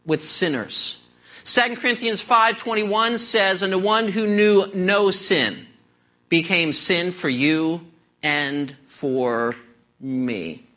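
Preacher guy giving a sermon, high bright voice, emphatic. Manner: storytelling, then emphatic preaching. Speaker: pastor.

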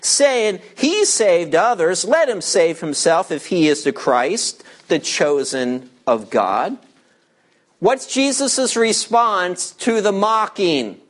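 A man's voice: high-pitched, expressive, slow pace. A man preaching a verse-by-verse sermon, emphatic and teacherly, asking questions and answering them himself. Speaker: pastor.

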